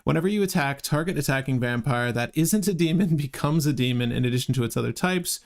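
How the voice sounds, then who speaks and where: A man with a gravelly, creaky voice co-hosting a live card-game ranking stream. He talks loosely and chattily, stumbling and restarting as he goes, often turning to speak to the viewers. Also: medium pitch, fast. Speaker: co-host ranking game cards on a livestream. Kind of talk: casual live-stream chat.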